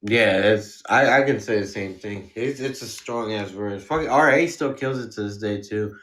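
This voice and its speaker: A man's voice: fairly low pitch, normal speed, fairly bright tone. Laid-back, cussing male rapper guest. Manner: laid-back, slangy, swears freely. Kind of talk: casual interview chat.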